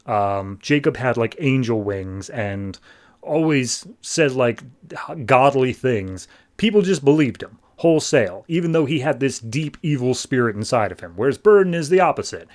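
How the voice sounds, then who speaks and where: A man in a relaxed podcast chat walks through a comic book's story, talking loosely and filling gaps with "like." Now and then he tosses off a quick mock voice for a character before slipping back into his everyday mid-pitched tone. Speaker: podcast host. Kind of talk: casual comic book recap.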